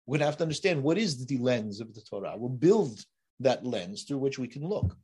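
A man teaching a Torah class, emphatic and building to forceful rises on key points, then dropping to quiet asides. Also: medium pitch, sing-song, fairly quick, slightly rough. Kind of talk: Torah lecture.

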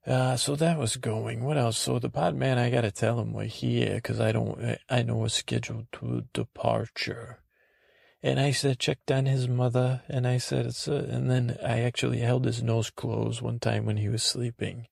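A man rambling naively through a comic podcast monologue in character, halting often and acting out what others said. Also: medium pitch, flat delivery, creaky, a little mellow, no room sound, clean studio sound. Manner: acts out quotes in silly voices.

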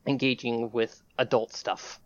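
A woman's voice: very deep voice, fairly even intonation, measured pace, darkish tone, no echo. A woman game master narrating a tabletop game casually, often laughing. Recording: dull lo-fi dry sound.

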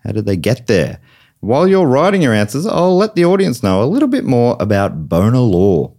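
A man with an Australian accent hosting a comedy game show podcast, playful and quick to laugh. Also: mid-range voice, wildly swooping pitch, mellow. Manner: playful, laughs often, teasing.

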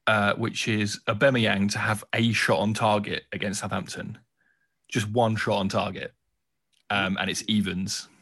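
A man's voice: on the low side, flat delivery, measured pace, fairly bright tone, husky. A man co-hosting a podcast, casually talking through his football bets with short, easy replies. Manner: easygoing, chuckles often, brief replies. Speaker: podcast co-host. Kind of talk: casual betting tips chat.

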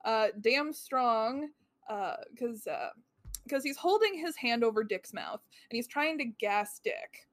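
A woman co-hosts a casual podcast chat in a somewhat high voice. She reads out her own notes with wry amusement and plenty of fillers. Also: lively intonation, takes it slowly. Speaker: podcast co-host.

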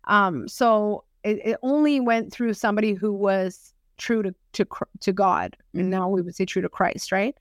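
A woman co-hosting a podcast in casual chat, animated, with quick laughs and lots of fillers. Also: mid-range voice, no echo, studio quality. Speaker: podcast co-host.

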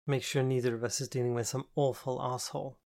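Cool deadpan young woman, a guy reading her, flat and steady, middle pitch. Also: fast talker, gravelly, natural voice. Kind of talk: audiobook character voice.

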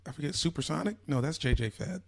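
A man's voice: fairly high pitch, quick pace, vocal fry. A man co-hosts a basketball podcast, chatting casually. He rambles and jokes around between topics. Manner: rambling and jokey. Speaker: podcast co-host.

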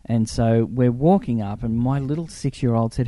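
Animated man telling stories. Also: medium pitch, fairly quick, no echo. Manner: animated anecdotes, acts out quoted voices. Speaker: film crew member, guest. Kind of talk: casual interview storytelling.

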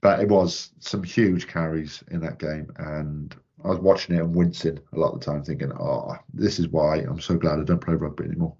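A man co-hosting a casual podcast as a rugby commentator, talking in a measured, easygoing way. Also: rumbling low, steady tone, darkish tone, breathy edge, lo-fi sound. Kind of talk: casual chat.

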